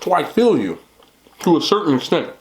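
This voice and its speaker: A man hosting a mukbang, chatting casually while eating, talking in an animated way with loud bursts. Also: a little high, a little fast. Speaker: mukbang host.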